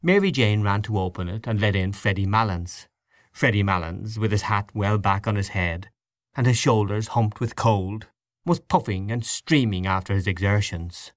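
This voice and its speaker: A man narrating an audiobook in a measured storybook reading. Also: on the low side, no room sound, studio quality. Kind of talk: scripted narration.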